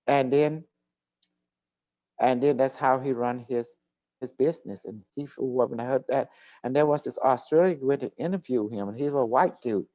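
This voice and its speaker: A man with a mellow, dark voice hosts a casual chat and recounts a long story with emphasis, circling back over his points. The recording is dull and lo-fi, and his voice sounds dry and close. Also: mid-range voice, normal speed, dry recording. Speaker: host.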